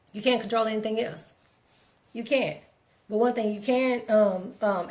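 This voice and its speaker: A woman's voice: fairly high pitch, a little mellow. Emphatic motivational woman on a live stream. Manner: preachy, emphatic, repeats herself, talks straight to viewers.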